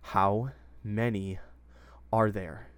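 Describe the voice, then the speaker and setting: A man voicing a stern young man who is urgent and reassuring at times and low and intimidating at others, in a read story. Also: fairly even intonation, extremely slow, clean tone. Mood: menacing. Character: stern young man, protective then menacing.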